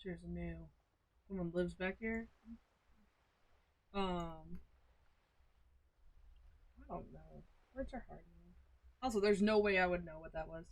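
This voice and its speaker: A woman's voice: lowish voice, slow pace, pauses often. A woman from the southern United States streaming a game, chatting casually in a rambling way and laughing often.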